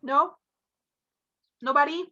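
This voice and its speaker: A Spanish-speaking woman gives an online English lesson, explaining carefully and switching into Spanish now and then. Her voice is high and bright. The audio is dull and lo-fi, like a video call. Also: slow pace. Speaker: English teacher. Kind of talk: online class lecture.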